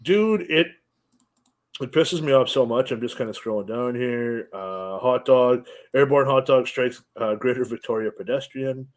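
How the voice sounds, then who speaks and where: A man's voice: medium pitch, moderate pace. A man hosting a casual podcast, ranting angrily and swearing heavily. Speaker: podcast host.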